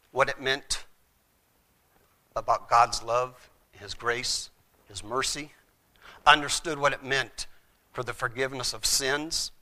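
A man's voice: mid-range voice, sharp tone. A middle-aged man, a former chaplain, telling his faith testimony in an earnest storytelling way and acting out the voices in his story.

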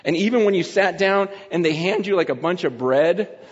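Middle-aged male pastor, chatty preaching between bites; slightly high voice, muffled recording in a reverberant hall. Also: normal speed. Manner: chatty, laughing, talks with his mouth full. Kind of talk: casual sermon filmed at a meal. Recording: dull sound with long hall reverb.

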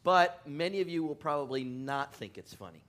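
A male pastor with a fairly high, slightly bright voice speaks at a moderate pace in a church in California. His sermon is loose and joking, full of chuckles, self-deprecation, and rambling between asides.

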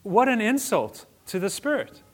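A man's voice: high voice, sing-song, moderate pace. Man teaching casually to a group. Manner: conversational, self-correcting, with humorous asides. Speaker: teacher of a church class. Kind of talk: informal teaching talk.

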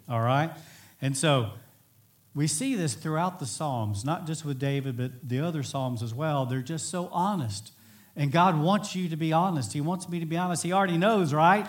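A man preaching a sermon in an earnest, emphatic way, sometimes swelling to near-shouts. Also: a little high, normal speed. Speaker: pastor.

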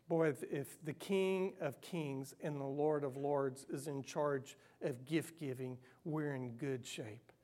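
A middle-aged man preaching a sermon, animated and self-mocking, moving between hushed earnest stretches and loud playful ones. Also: medium pitch, takes it slowly, hardly any pauses. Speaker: pastor.

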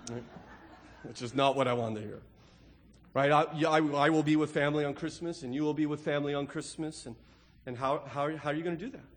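A middle-aged male pastor preaching an emphatic sermon, often asking "right?" as he makes his points. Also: on the high side. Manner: emphatic, rhetorical, with repeated "right?". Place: church sanctuary. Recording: long hall reverb.

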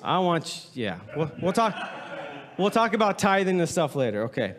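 A male pastor preaching in a church hall, his voice trailing off into a long reverb. He speaks a little high for a man and swings his pitch widely, joking and hamming up what he reads aloud. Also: big pitch swings, normal speed, fairly bright tone. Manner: playful, joking, reads aloud with mock drama. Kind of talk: humorous sermon to a congregation. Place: church sanctuary.

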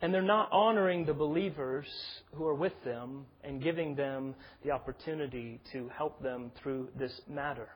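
A man's voice: fairly high pitch, normal speed, hardly any pauses, husky, poor audio. A man preaching an expository sermon, earnest and building to emphatic stress. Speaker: pastor.

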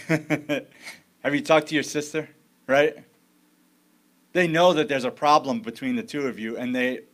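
A man's voice: mid-range voice, a bit bright. A man preaching a sermon as pastor, in a conversational storytelling way with frequent restarts.

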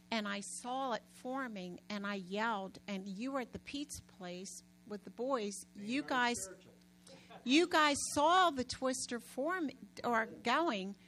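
A woman preaching conversationally, telling a story with lively, raised-voice quotes. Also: a little high, a little hiss or hum, low-quality recording.

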